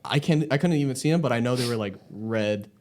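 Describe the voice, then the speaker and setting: A man's voice: medium pitch, fast, a little mellow, slight background noise. Young man telling a rambling, profane story. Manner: profane, rambling, laughs often. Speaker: podcast host. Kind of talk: casual storytelling.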